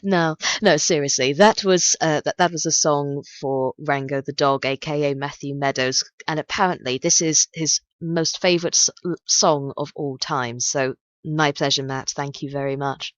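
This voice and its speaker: A woman hosting a radio request show, chatting casually and reading a poem aloud in a slow, dramatic way. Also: low voice, steady tone, no room sound. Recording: dull, lo-fi and dry.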